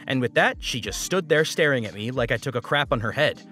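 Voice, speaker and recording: A man narrating online stories in an expressive, wry manner. His mid-pitched voice moves in a lively way, with faint music under it. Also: brisk, hardly any pauses. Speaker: story narrator. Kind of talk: reading online stories aloud.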